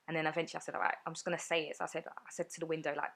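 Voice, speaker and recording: Podcast guest, woman, deep voice, quick earnest storytelling full of fillers. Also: little pitch movement, fairly bright tone. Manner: earnest, rapid retelling with many fillers. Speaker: guest sharing her story. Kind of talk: personal storytelling in a podcast interview.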